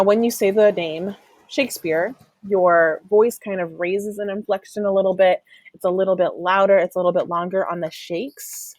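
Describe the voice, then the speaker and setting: A woman's voice: on the low side, no echo. A woman teacher giving a recorded online lesson, explaining patiently with many "um" fillers and sounding out stress patterns. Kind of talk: recorded online class lecture.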